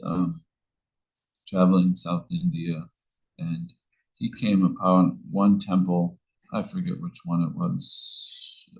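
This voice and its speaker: A man's voice: on the low side, vocal fry, rough recording. A man giving an informal scripture class, telling a story in a rambling way with many restarts.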